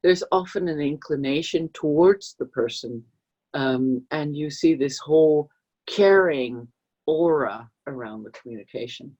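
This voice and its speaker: The coach's husky voice comes through muffled and lo-fi as she talks a little slowly to the camera. Animated and expressive, she explains concepts and now and then performs short sample voices, in her role as a business coach and trainer.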